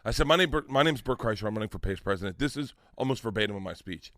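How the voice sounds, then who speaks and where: Loud joking guy, middle-aged, swears a lot, tells a story in a casual chat. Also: on the low side, racing, dry recording, studio quality. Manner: animated, swearing, laughs through the story. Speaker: comedian podcast guest.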